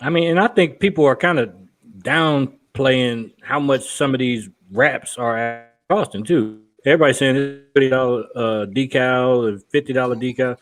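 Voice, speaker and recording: A man's voice: mid-range voice, normal speed. A man hosting a casual online car talk, easygoing and joking as he steers the panel. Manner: laid-back, joking, moderates the panel. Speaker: host. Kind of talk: casual group discussion.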